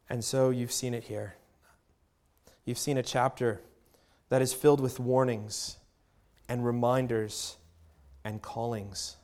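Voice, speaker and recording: A male pastor preaching to his congregation in an earnest voice. His pitch sits in the middle range for a man. He leans on emphatic pauses and lets his volume swell and drop. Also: steady tone, a little mellow. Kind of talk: sermon.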